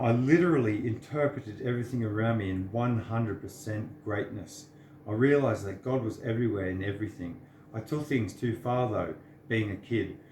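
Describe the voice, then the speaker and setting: A man's voice: fairly low pitch, a little mellow, reverberant, a little hiss or hum. An earnest, sincere man, giving a preachy personal monologue to the camera. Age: 30s. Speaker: vlogger.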